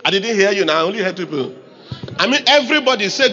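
A man's voice: sits high, lively intonation, a little fast, sharp tone, muffled recording. A man with a Nigerian accent preaching a sermon as pastor, emphatic and calling on the congregation to repeat lines back.

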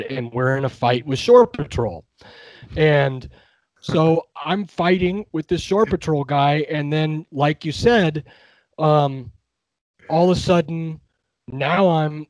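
Man, casual storytelling, self-deprecating, slightly high voice, dry recording. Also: a little mellow, no echo, rough recording.

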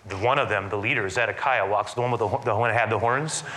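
Man preaching, dramatic storyteller, bright forceful tone. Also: on the low side, fast talker, slight background noise. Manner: animated, dramatic storytelling retelling of scripture. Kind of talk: sermon.

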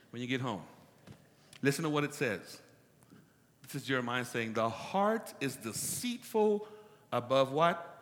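A pastor preaching an animated call-and-response sermon that builds up to shouts. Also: male voice, mid-range voice, in a large hall, a little hiss or hum.

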